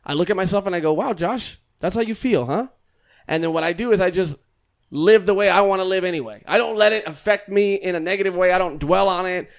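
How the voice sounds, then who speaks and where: A man's voice: high voice, fast talker, vocal fry, clean tone. A man hosting a comedy podcast, talking in loose, jokey banter and swearing casually.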